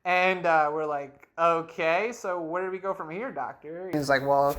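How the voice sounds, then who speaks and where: A man casually recounting a personal story, chatty and animated, acting out the voices of other people along the way. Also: on the high side, a little slow. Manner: chatty, with frequent laughs and fillers like "you know". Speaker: storyteller recounting his life.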